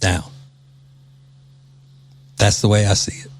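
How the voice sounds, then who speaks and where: A man's voice: fairly low pitch, little pitch movement, takes it slowly. A man from Louisiana hosting a political talk show, delivering mocking, indignant commentary.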